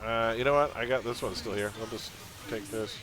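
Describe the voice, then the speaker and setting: A man's voice: medium pitch, brisk. A man chatting casually while live-streaming a game, laughing often and drifting into pop-culture tangents.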